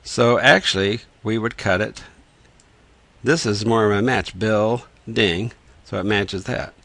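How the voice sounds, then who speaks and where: Low gravelly man teaching reading. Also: a bit bright, dry recording. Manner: patient, methodical, sounds out words slowly. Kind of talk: explanatory lesson with whiteboard.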